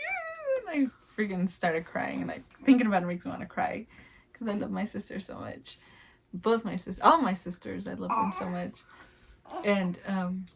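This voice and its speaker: A woman's voice: medium pitch, vocal fry. Rambling young mother telling a story. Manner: rambling, full of "like" fillers, acts out her own sounds. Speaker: new mother telling her birth story. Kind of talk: casual storytelling to camera.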